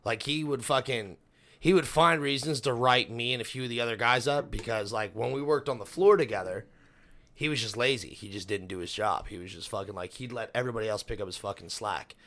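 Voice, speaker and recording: A man's voice: mid-range voice, brisk, a bit bright. Foul-mouthed young man telling a story. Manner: profane storytelling, swearing constantly. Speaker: podcast co-host. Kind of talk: casual chat.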